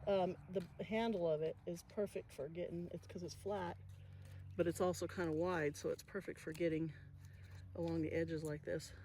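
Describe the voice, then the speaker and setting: A woman's voice: lowish voice, steady tone, normal speed. A woman vlogging about her garden, chatting casually and thinking aloud as she works outdoors. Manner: chatty, thinking aloud, soft-spoken asides. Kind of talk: casual narration while working. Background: passing traffic.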